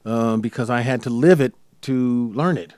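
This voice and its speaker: A middle-aged man hosting a podcast, telling stories from his life in a casual, conversational way and lively when quoting others. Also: mid-range voice, normal speed, no echo, studio quality. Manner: storytelling, animated when quoting his mother. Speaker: podcast host.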